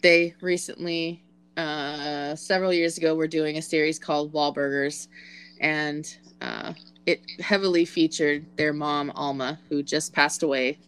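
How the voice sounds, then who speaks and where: A woman co-hosting a podcast, her voice sitting a little low. She chats with a few fillers, then reads the closing announcements in a steady, practiced way. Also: measured pace. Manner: hesitant with fillers in chat, smooth and steady when reading the sign-off. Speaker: podcast co-host. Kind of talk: casual chat, then a read-out outro.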